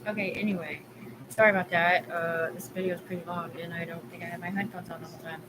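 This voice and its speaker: A woman in her forties hosts a live stream, ranting in a rambling, agitated and profane way. Her voice is lowish and her delivery flat, and she talks fast, with background ambience clearly audible.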